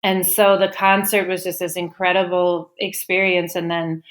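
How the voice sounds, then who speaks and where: A woman's voice: lowish voice, level tone, normal speed. A woman guest, a teacher and mother, telling a personal story in a podcast interview with heartfelt feeling and at times near tears. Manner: heartfelt, openly moved, retelling with quoted dialogue. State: tearful at times.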